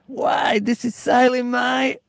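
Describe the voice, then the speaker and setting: A man voicing an excitable male sailing skipper who yells over the pounding sea, in a put-on accent that is not the real one. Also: very high-pitched, slow pace, no room sound, studio quality, pitched above the performer's own voice, exaggerated voice. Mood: thrilled. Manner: yelling, gung-ho.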